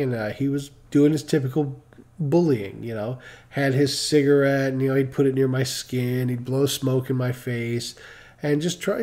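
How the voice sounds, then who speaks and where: A man's voice: medium pitch, warm tone. A middle-aged man from Michigan telling a personal story in casual, rambling talk on a live stream, full of restarts and asides.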